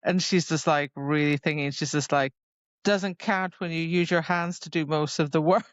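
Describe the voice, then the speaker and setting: A woman's voice: sits low, fairly even intonation, moderate pace, no room sound. A woman co-hosting a book podcast in casual chat, chiming in with agreement and laughs. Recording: dull, dry lo-fi sound.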